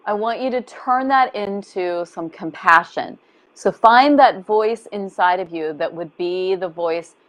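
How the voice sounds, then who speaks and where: A woman coach with a lowish voice talks over a video call. She is expressive and compassionate, and now and then slips into soft, soothing inner voices as she explains. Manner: warm, expressive, acts out gentle inner voices. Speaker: body-image coach and guest. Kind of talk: casual interview talk.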